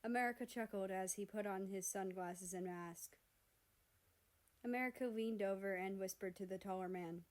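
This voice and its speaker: A woman narrating fan fiction aloud in a steady, measured storybook reading. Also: medium pitch.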